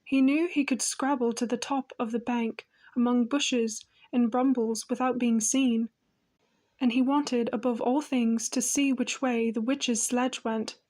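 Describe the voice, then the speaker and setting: A woman narrating a children's fantasy audiobook in a gentle, even manner. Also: fairly high pitch, unhurried. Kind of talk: storybook narration.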